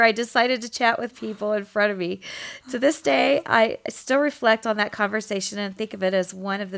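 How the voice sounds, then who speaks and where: A woman's voice: a little high, normal speed, vocal fry, fairly bright tone. A woman co-hosting a podcast in casual chat, laughing often and rambling, a bit short of breath after an infection. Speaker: podcast co-host.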